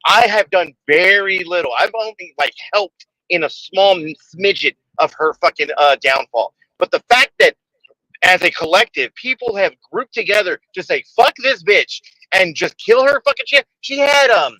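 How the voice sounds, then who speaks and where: A man's voice: sits high, animated, moderate pace, sharp tone, no room sound, poor audio. A man in casual livestream chat, ranting emphatically with lots of swearing.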